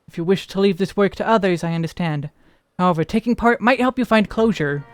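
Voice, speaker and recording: A man's voice: high-pitched, fairly quick, clean tone, soft background music, natural voice. A man reading a solemn, courteous official. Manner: formal, careful speech. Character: solemn, courteous male official offering condolences.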